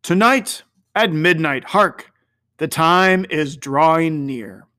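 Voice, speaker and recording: Big sorrowful old spirit guy, loud and slow, kinda bright tone, a man putting it on. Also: a little high. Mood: solemn. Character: aging solemn spirit, booming and sorrowful.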